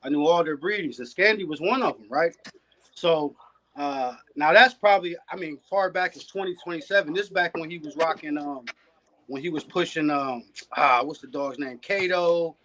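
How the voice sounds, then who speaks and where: A man, a guest on a podcast and a dog breeder, telling stories in a relaxed, casual way. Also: a little high, moderate pace, slight background noise. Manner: laid-back, peppers talk with "man". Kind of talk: casual storytelling chat.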